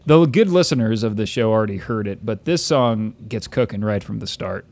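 A man's voice: lowish voice, animated, fairly quick, a little mellow. A man co-hosting a podcast in casual chat, loose and profane, often restarting his sentences. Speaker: podcast co-host.

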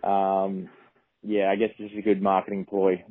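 A young male football player answering interview questions in a relaxed, halting way with many fillers, heard over a phone line. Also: deep voice, dry recording.

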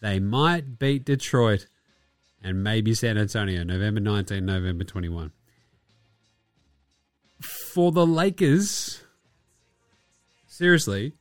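A man's voice: fairly low pitch, animated, takes it slowly, long pauses, no echo, faint music behind. A man hosting a podcast, ranting about basketball with profanity and sarcasm. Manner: profane, sarcastic, with mocking put-on quotes. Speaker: podcast host. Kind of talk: ranting sports commentary.

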